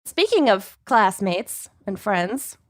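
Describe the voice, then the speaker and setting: Slow-talking woman co-host. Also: mid-range voice, very animated, dry recording, clean studio sound. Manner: joking, self-deprecating. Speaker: podcast co-host. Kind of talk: casual chat.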